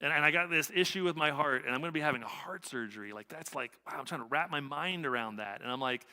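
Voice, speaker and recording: Middle-aged male pastor, bright forceful tone, slightly high voice; conversational preaching in a ringing hall. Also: fast. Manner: conversational, repeats phrases, frequent "right?". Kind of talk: sermon with personal story. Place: church sanctuary. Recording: long church reverb.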